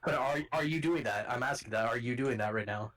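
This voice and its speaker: A man's voice: medium pitch, fairly quick, a bit bright, rough recording. A man as a tabletop game player, chatting casually and explaining with plenty of restarts. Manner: explains with many restarts and fillers.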